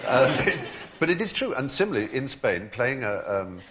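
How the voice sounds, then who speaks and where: Guy on a chat show spinning wry stories, really lively up and down voice, hissy old tape. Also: mid-range voice, a little fast. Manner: articulate and wry, with animated asides. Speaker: talk show guest. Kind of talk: anecdotal storytelling.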